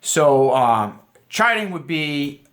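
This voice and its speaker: A man's voice: a little high, big pitch swings, slow, fairly bright tone. A man, a dating coach, giving a loose, rambling instructional talk full of fillers and restarts. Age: adult.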